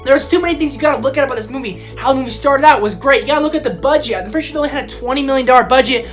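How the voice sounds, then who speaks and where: A woman reviewing films in a casual vlog, excitable and easily riled up as she rants. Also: high voice, very fast, faint music behind. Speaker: film vlogger. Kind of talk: casual movie review rant.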